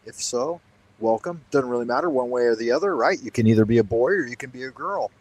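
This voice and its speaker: A man's voice: mid-range voice, lively intonation, fast, poor audio. A man hosting a casual livestream from home, rambling playfully and answering chat commenters. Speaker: livestream host. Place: home, Beijing.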